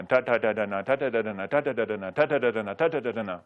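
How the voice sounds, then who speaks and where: A man's voice: on the low side, fast talker, few pauses, narrow, tinny audio. A man teaching a Sanskrit pronunciation class, drilling syllables aloud for students to repeat. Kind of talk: classroom lecture.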